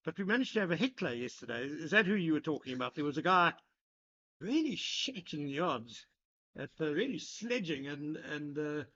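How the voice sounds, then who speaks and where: A man giving live cricket commentary, measured and analytical, chatting with his co-commentator. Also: fairly high pitch, very animated, sharp tone. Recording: lo-fi broadcast sound.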